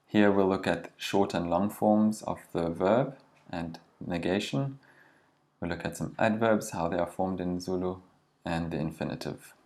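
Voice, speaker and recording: A man teaching a language lesson, patiently explaining grammar and slowing down to model each phrase. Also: low voice, fairly even intonation, a little mellow. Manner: patient, slows down to model pronunciation.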